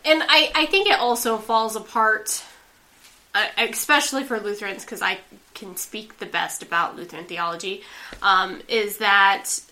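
Bright-voiced woman explaining theology. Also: medium pitch, moderate pace. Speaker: podcast co-host. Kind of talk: casual theological discussion.

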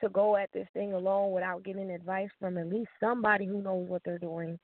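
A woman's voice: medium pitch, a little fast. A woman author telling stories in a casual interview, laughing often and acting out what people said. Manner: animated storyteller, laughs often, acts out quotes. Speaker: guest author. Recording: dry tinny phone line.

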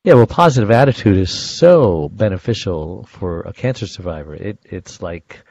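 A man's voice: low voice, expressive, moderate pace, creaky, darkish tone. A man co-hosting a podcast interview, chatting casually and affirming his guest. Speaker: podcast co-host. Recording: dry, dull audio.

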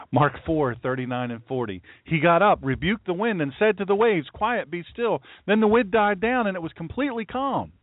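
A man's voice: sits high, expressive, normal speed, dry recording. A man preaching a sermon as a pastor, stressing his warnings and reading scripture aloud. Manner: emphatic, repeats warnings and scripture. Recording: tinny phone-like dry sound.

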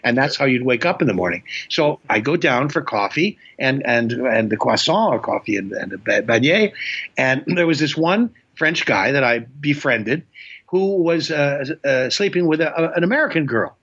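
An older comedian telling stories from his career in a casual, halting way, with many restarts. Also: mid-range voice, lively intonation, fairly bright tone, breathy edge, lo-fi sound. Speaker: guest comedian. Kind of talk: casual storytelling.

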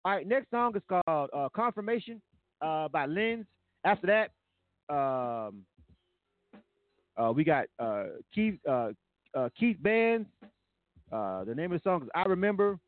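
A man's voice: a little high, very animated, measured pace, pauses often, dry recording. A man hosting a live music review show, talking loosely and rambling with lots of fillers. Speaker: radio show host. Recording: tinny phone-like sound.

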